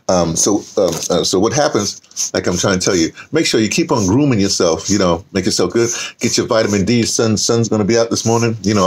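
An older man chats casually to his viewers from home. His voice sits very low and sounds husky. He rambles, circling back with fillers and restarts. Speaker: vlogger. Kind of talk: casual morning vlog. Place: home, indoors.

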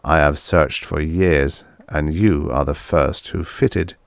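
Male reader doing a low, slow, serenely menacing spaceship mind for an audiobook, dry and close. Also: gravelly, clear, resonant tone, no echo, full character voice. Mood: calm menace. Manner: calm, measured, quietly pleased. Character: calm, sinister spaceship brain, cheerfully menacing.

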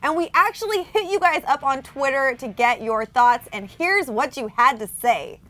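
A woman's voice: high voice, animated, normal speed, fairly bright tone, dry recording. A woman hosting an entertainment chat show, gushing and enthusiastic.

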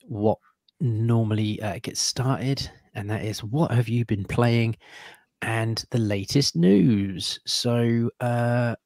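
An upbeat host around thirty runs a casual live-stream chat, working through names with easy cheer. His voice carries a gravelly edge and sits at a middling pitch. The sound is dry and close, with no room around it. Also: a little mellow, dry recording. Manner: chatty, upbeat, greets viewers one by one. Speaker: podcast host.

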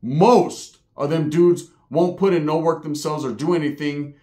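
A man's voice: fairly high pitch, a little slow, mellow. Guy w the sniffles, slangy storytelling, curses a lot, does the voices. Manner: street slang, swears often, acts out quoted voices. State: has the sniffles. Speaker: channel host. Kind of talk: casual storytelling monologue.

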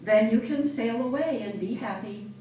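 A woman reading the part of a gentle old female apple tree, soft and pleading. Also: fairly high pitch, normal speed, highs cut off, a little hiss or hum, natural voice. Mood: tender. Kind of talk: reading a children's story aloud. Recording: echoey room from far off.

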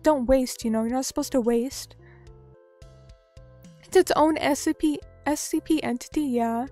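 A woman's voice: high-pitched, moderate pace, mellow, soft background music. A young woman streamer chatting casually, reading out chat messages and joking about herself in a playful way. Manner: playful, reads chat aloud, self-mocking.

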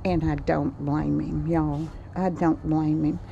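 Lady chatting outside on her patio, real slow n soft-toned, kinda low voice. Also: flat delivery, vocal fry, dull audio, background noise. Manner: slow, homey Southern talk, says "y'all". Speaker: vlogger. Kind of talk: casual vlog chat. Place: outdoors by a cottage patio.

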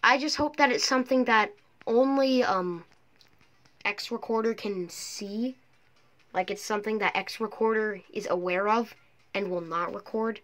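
A woman's voice: medium pitch, a little slow, a bit bright. A talkative woman giving rambling, chatty commentary while playing a mobile racing game, recorded on her phone's microphone. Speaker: mobile gaming YouTuber. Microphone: phone mic through a screen recorder.

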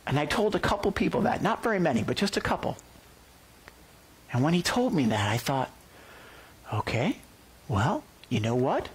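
A man preaching a sermon as pastor, excitable and emphatic, often rising to near-yelling. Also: fairly high pitch, fairly quick, long pauses, husky. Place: church, relayed to listeners by phone and online.

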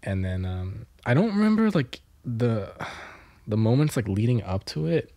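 A man's voice: fairly low pitch, sing-song, moderate pace, warm tone, dry recording, studio quality. A young man co-hosting a podcast, telling rambling stories in casual chat with lots of fillers and laughter. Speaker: podcast co-host.

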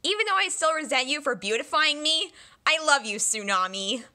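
A solo fan dubber voices every character in a comedic parody dub of a dragon story, a cast of young dragons, using silly voices, shrieks, and mutters. Her voice sits high, with lively intonation, a moderate pace, and a sharp tone.

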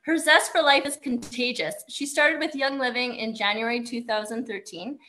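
Bright-voiced woman host. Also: on the high side, steady tone, normal speed. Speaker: host introducing a speaker. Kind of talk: reading a speaker introduction.

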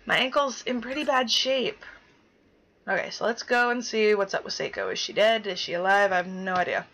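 A woman's voice: mid-range voice, lively intonation, brisk, a bit bright, slight background noise, rough recording. A young woman playing a game and reading its dialogue aloud, chatty and dramatic, swearing casually as she reacts. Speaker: gaming YouTuber.

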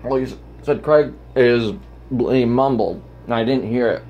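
A man's voice: measured pace, dull audio. A man holding a phone camera and delivering a rambling vlog rant. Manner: rambling, jumps into loud squeaky quoted voices. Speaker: vlogger. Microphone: handheld phone camera.

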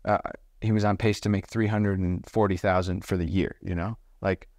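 Male podcast guest, low voice, brash and profane, animated storytelling, dry studio sound. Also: normal speed, no room sound. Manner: energetic, profane, acts out the people in his stories. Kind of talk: casual storytelling interview.

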